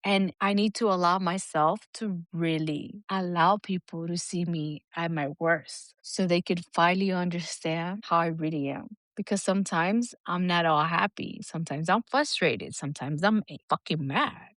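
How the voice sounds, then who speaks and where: A woman co-hosting a podcast, talking candidly and with lots of swearing, lively when she mimics other people. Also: on the low side, normal speed, few pauses, no echo, studio quality. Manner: candid, profane, animated when quoting others. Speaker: podcast co-host. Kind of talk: casual podcast chat.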